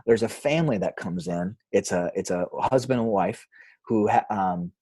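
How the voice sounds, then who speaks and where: A pastor telling a story in a podcast interview, with animated delivery and quoted voices. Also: male voice, on the low side, moderate pace, breathy edge, dry recording, studio quality. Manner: animated, acts out quoted voices, frequent fillers.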